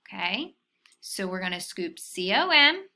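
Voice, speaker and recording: A woman's voice: mid-range voice, big pitch swings, unhurried, bright, forceful tone. A woman teaching a phonics lesson to young children, patient and sounding out syllables.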